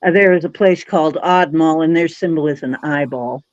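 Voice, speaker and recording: A woman from the United States chatting casually about her crafts in a relaxed, matter-of-fact way. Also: low-pitched, a little fast, lo-fi sound. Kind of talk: casual chat.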